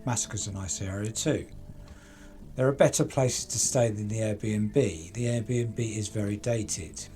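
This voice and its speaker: A man's voice: lowish voice, measured pace, mellow, soft background music. A man hosting a true crime channel, chatting casually and asking pointed rhetorical questions to people he talks about.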